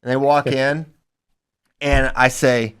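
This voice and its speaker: A young man who coaches wrestling, chatting casually on a podcast and telling animated stories, laughing along as he talks. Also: medium pitch, measured pace, clean tone. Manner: animated storyteller, laughs through his own stories.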